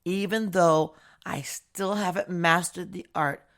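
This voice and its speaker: A woman from the United States delivers a casual opinion monologue with a gravelly edge. Her voice sits a bit low. She talks in a chatty, sarcastic way and laughs often. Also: fairly even intonation, takes it slowly. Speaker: political commentary host.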